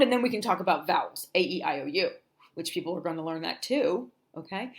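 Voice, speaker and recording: A middle-aged woman from New Jersey with a softened Jersey accent, an English teacher giving a chatty livestream phonics lesson for parents and drawing out letter sounds slowly. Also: mid-range voice, expressive. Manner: slow, drawn-out letter sounds, chatty asides.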